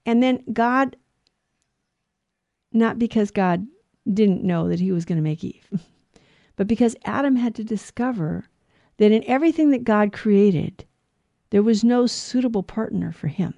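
A woman's voice: medium pitch, animated, measured pace, vocal fry, pauses often, dark tone, no echo, dull audio. A woman giving a scripture talk, telling Bible stories and acting out the characters' lines with light laughs between points. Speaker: Bible teacher.

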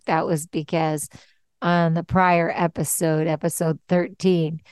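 A woman's voice: on the low side, darkish tone, smooth, no echo. A woman hosting a casual podcast, chatty and upbeat, laughing easily as she talks. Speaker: podcast host.

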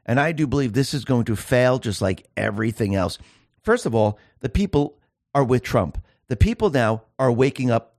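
A man's voice: mid-range voice, no echo, clean studio sound. A man hosting a solo political commentary show, speaking emphatically and firing off sarcastic rhetorical questions.

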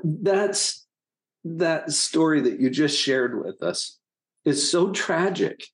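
A man hosts a radio interview and asks his guest questions. His pitch moves a great deal, and he answers her with short encouraging words. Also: very animated, takes it slowly. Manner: brief encouraging backchannels. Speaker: radio show host.

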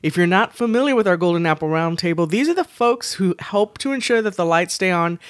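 A woman from Texas with a Texan accent, co-hosting a casual podcast, chatty and quick to laugh, often restarting her sentences. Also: lowish voice, lively intonation, no echo, studio quality. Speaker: podcast co-host.

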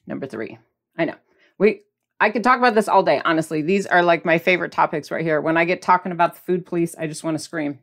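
A woman hosting a podcast in a casual, animated and emphatic monologue. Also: on the low side, fast talker. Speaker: podcast host.

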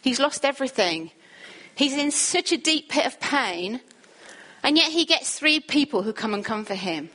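A woman preaching a sermon in an earnest manner. She builds lists that climb in pitch and drops to a hushed tone for quoted words. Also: expressive, moderate pace.

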